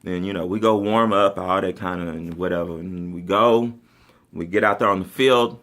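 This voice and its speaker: A man with a low voice, speaking at normal speed, shares a humorous story from his own life with casual sass. Frequent laughter punctuates it as he shifts from loud bursts to hushed asides.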